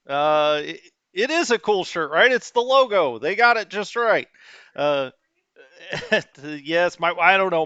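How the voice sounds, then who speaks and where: Musing man with a smooth, clear voice. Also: on the high side, a bit bright, no echo, muffled recording. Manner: musing and thinking aloud, with many fillers and self-corrections. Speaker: host. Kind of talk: casual strategy game commentary.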